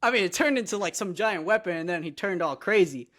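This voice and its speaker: A woman co-hosting a podcast in casual chat, excitable and laughing as she recaps a show. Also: fairly low pitch, fast. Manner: excitable, laughing, lots of "bro". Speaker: podcast co-host.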